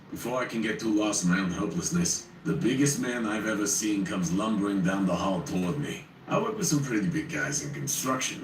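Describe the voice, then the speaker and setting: A man with a deep but animated, bright voice tells a first-person horror story with wry asides. He sounds set back from the mic in a roomy space, with faint ambient noise. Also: far from the mic. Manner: wry, conversational.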